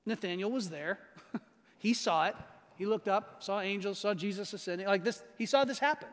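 A man preaching a sermon with a strikingly high voice, his words trailing into the long reverb of a big church hall. He talks in a conversational way, slows down hard on the phrases he wants to land, and keeps asking his listeners if they follow. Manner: emphatic, slows down to stress key phrases; conversational, asks the audience questions. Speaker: pastor.

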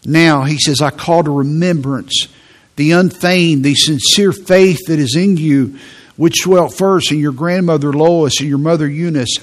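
A man's voice: on the high side, measured pace. A man preaching a sermon in an earnest tone, often repeating words as he presses a point.

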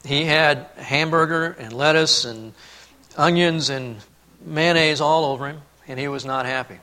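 Bright-voiced male pastor telling a story. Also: a little high, measured pace. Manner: storytelling, then earnest and hushed on key points. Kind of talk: sermon.

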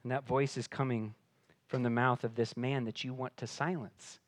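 A man preaching a sermon, swinging between hushed, intimate passages and loud, emphatic declarations. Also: mid-range voice, little pitch movement, normal speed. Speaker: pastor.

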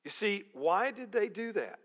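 A man preaching a sermon as pastor, slow and deliberate, posing rhetorical questions to the congregation. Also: high voice, very animated, fairly bright tone.

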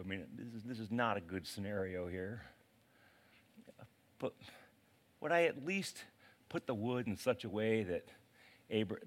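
A man preaching a sermon as a pastor, in a casual, animated way with slang. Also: fairly low pitch.

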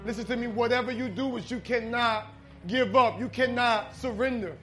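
A man preaching a sermon, telling a story in a conversational way that swings between loud emphasis and hushed intensity. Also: extremely high pitch, steady tone, normal speed.

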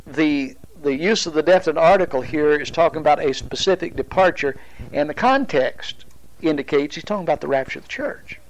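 A man teaching a Bible study, explaining at a deliberate pace with pauses and restarts. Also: fairly high pitch, expressive, low-quality recording.

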